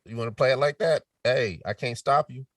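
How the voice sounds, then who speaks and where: A middle-aged man speaking as a podcast guest in casual chat, telling lively stories and switching into quoted voices, sometimes dropping to a near whisper. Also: medium pitch, fairly quick, no echo, clean studio sound, recorded from a distance. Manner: animated storytelling with quoted voices, drops to a near whisper to demonstrate.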